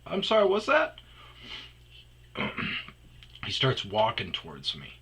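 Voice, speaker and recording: A man's voice: lowish voice, big pitch swings, moderate pace, bright, forceful tone, a little hiss or hum. A man hosting his own vlog, telling a rambling, profane story in a casual monologue. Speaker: vlog host telling stories.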